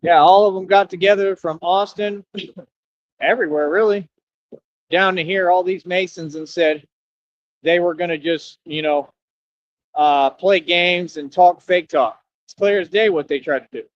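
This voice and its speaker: A man's voice: high-pitched, fairly even intonation, a little slow, no echo. A young man streaming, ranting in an emphatic, combative, slangy way. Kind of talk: livestream rant. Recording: dull lo-fi audio.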